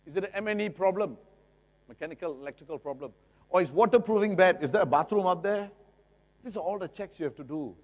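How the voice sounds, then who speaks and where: A middle-aged man with a Singaporean English accent gives a lively, jokey seminar talk, often asking the audience rhetorical questions. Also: high-pitched, quick pace. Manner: jokey, acts out buyers and sellers. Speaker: lawyer giving a seminar talk. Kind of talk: seminar lecture. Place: seminar hall. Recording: long reverb of a seminar hall.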